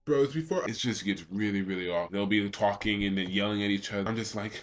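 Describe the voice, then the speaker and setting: A man's voice: lowish voice, fast talker, hardly any pauses. A young man in a casual comedic monologue, acting out both sides of his own exchanges in raised voices. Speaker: vlogger.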